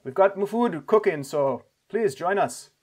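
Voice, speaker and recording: A man's voice: high-pitched, expressive, a little slow, darkish tone, breathy edge, voice pushed up, heavily acted. A man playing a courteous caravan leader. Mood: hospitable. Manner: polite, hesitant with fillers.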